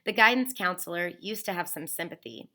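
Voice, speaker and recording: Bright-voiced woman reading a novel. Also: on the low side. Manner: expressive first-person reading, slowing on emotional phrases. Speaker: teacher reading aloud.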